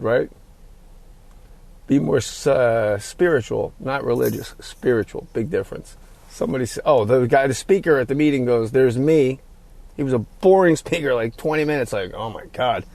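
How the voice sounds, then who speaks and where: A man's voice: mid-range voice, normal speed, creaky, a little mellow, no echo. A middle-aged man hosting his podcast alone, rambling and ad-libbing in a profane, casual monologue. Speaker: podcast host.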